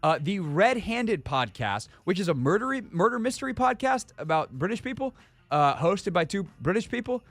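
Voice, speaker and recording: A man hosting a sports radio show, talking casually in an animated, jokey way. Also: sits high, normal speed, no echo.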